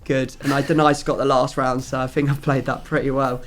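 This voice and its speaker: A man's voice: mid-range voice, level tone, brisk. A man hosting a gaming video, chatting casually and rambling through his explanations with plenty of fillers. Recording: music playing faintly behind.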